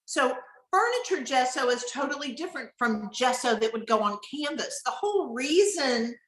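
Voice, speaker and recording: A middle-aged woman, teaching furniture finishing in a casual online mentoring session and telling stories with lively acted-out dialogue. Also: sits high, moderate pace. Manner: animated storyteller, acts out what people said. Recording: roomy echo.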